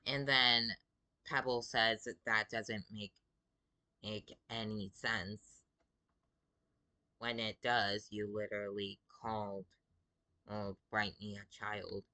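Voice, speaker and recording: A man's voice: fairly low pitch, flat delivery, slow, long pauses, pushed and bright. A man who is sick gives casual commentary as he reads out game chat, sounding exasperated and drawling with lots of fillers. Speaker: gaming video creator.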